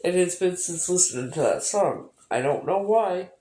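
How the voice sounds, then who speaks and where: A woman's voice: lowish voice, expressive, moderate pace, dark tone. A woman vlogging in casual personal chat, rambling and emotional, swearing often. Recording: echoey room.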